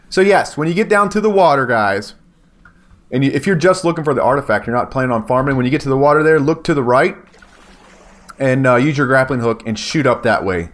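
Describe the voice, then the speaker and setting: A man giving casual, excitable commentary on his gameplay, talking to viewers and yelping when danger shows up. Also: a little high. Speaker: gaming YouTuber.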